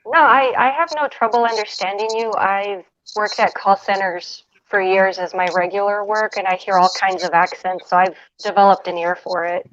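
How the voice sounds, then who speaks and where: A woman on a livestream chat, answering in a calm, matter-of-fact way. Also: medium pitch, normal speed, few pauses. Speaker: guest. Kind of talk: casual group chat. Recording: dull lo-fi audio with faint noise.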